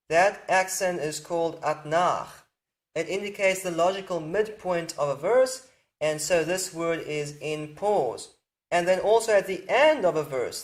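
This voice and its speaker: A man giving a patient, methodical lesson on Hebrew vowel points, repeating the key points as he goes. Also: sits high. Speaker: Hebrew grammar teacher. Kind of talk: slow explanatory lecture.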